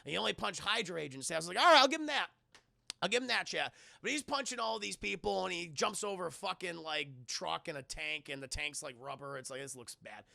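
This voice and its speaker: Gravelly, excitable man recapping a movie. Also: high voice, dry recording, clean studio sound. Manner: profane, excitable, acts out scenes in quick funny voices. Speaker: movie reviewer streaming to chat. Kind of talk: animated spoiler recap with chat.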